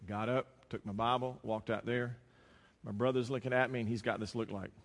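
A man's voice: medium pitch, fairly even intonation, brisk, long reverb tail, slight background noise. A man preaching a sermon, moving from a personal story to emphatic preaching. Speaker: pastor.

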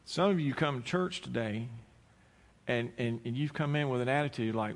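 A preacher, a man, telling a folksy story and voicing each person in it. His voice sits at a middle pitch and carries a long reverb through the church hall. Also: moderate pace. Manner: folksy, acts out both sides of a story. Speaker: pastor. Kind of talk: sermon with storytelling. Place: church sanctuary.

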